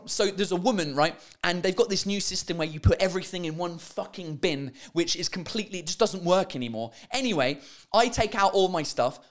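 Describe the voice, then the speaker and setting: A man hosting a podcast, telling a story as an exasperated, profane comic rant. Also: high voice. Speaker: podcast host.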